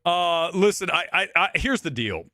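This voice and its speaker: Brash, rambling man, rather high voice. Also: sing-song, sharp tone, no echo, studio quality. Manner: brash, rambling, swearing, quick laughs. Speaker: live-stream movie review host. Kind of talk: casual live-stream chat reading comments. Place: home studio near Los Angeles.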